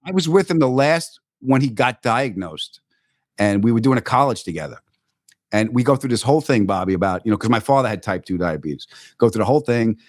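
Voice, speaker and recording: A man's voice: mid-range voice, brisk, no room sound, studio quality. A man telling a comedy story in casual talk, acting out quoted lines in a raised voice. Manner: animated, acts out quotes in raised voice.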